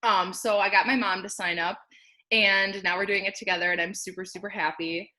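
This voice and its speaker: A woman's voice: medium pitch, steady tone, brisk, pushed and bright. A young woman sharing her personal success story from home in an upbeat, chatty way, laughing often and peppering her speech with "like.". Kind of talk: casual personal testimonial.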